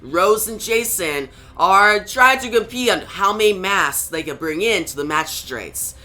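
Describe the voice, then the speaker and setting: A man reviewing a comic book, reading its plot aloud in a steady recap. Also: sits high, measured pace.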